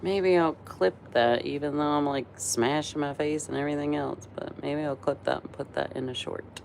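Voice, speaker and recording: A woman's voice: sits low, steady tone, normal speed, vocal fry, a little mellow, slight background noise. A tired woman in her forties hosting a casual live stream, chatty and rambling, laughing often between thoughts. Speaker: livestream host.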